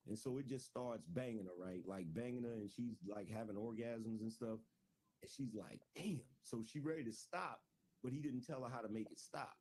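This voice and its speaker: A man in a relaxed, middle-pitched voice tells a crude joke to friends. He talks loose and slangy, tossing in "right?" every few phrases. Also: normal speed, slightly rough. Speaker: joke teller. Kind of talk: casual storytelling on a group call.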